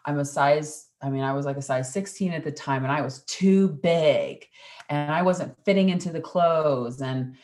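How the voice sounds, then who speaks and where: A woman in her thirties, chatting casually in an interview and telling her story in an animated, playful way. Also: sits low, moderate pace. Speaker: podcast host and interview guest.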